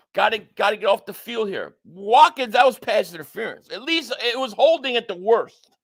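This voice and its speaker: In a high voice at a moderate pace, a man streams a live football reaction, calling plays and reading viewer chats aloud. He's an excitable talker who repeats himself when wound up, moving from shouts at bad calls to flat frustration.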